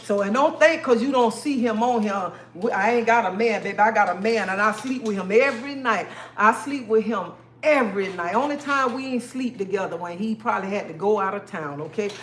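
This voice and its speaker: A woman's voice: mid-range voice, brisk, few pauses, a little hiss or hum. A woman hosting a live stream, talking straight to her viewers in an emphatic, repetitive way and calling them honey and baby. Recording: echoey room.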